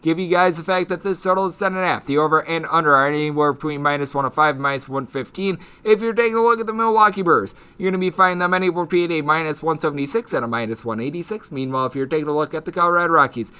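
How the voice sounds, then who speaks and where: Fast, bright-voiced man reading odds. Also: a little high, clean tone. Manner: rattles off stats and odds in rapid lists. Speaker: sports betting podcast host. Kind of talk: solo sports betting analysis. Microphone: headphones and studio mic.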